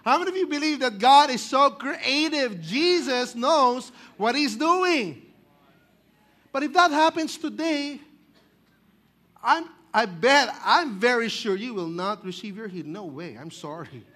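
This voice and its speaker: A man with a Filipino accent preaching a sermon, switching between English and Tagalog and acting out people's reactions with sudden loud exclamations. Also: very high voice, animated, a little slow. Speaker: pastor.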